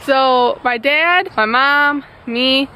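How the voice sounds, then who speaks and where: A young woman vlogger retelling a stressful day at home, animated and dramatic, tossing out rhetorical questions. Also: high voice, drawn-out words, clear, resonant tone. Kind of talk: storytelling vlog. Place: home garage and yard, outdoors at times.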